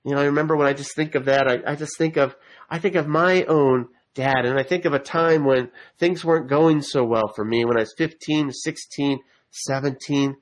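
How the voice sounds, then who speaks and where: A man's voice: mid-range voice, fairly even intonation, normal speed, low-quality recording. Male preacher, earnest sermon delivery that climbs into emphatic appeals. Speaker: pastor.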